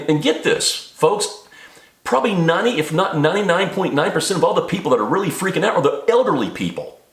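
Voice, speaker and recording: In an echoey room, a middle-aged man delivers an agitated rant straight to camera for his video. His medium-pitched, slightly bright voice shoots up sharply as he gets more worked up.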